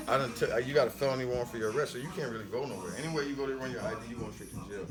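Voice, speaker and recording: A man telling a story in a casual podcast chat, animated and acting out the voices of the people in it. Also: medium pitch, racing, hardly any pauses, over music. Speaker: podcast guest.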